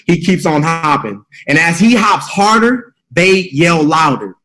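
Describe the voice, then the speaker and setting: A man's voice: fairly high pitch, animated, normal speed, bright, forceful tone, a little hiss or hum, low-quality recording. A middle-aged man leading a motivational call, preachy and rallying, repeating his key phrases. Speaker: mentorship call leader.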